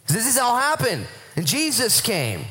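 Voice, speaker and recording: A man's voice: very high-pitched, huge pitch swings, a little slow, bright, forceful tone. A man preaching a sermon to his church, acting out voices of Bible figures as he goes. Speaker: pastor.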